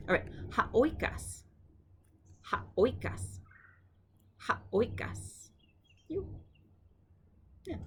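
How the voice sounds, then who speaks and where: A woman's voice: mid-range voice, slight background noise. Chatty woman teaching vocabulary. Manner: chatty, repeats words slowly for practice. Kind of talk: casual home lesson.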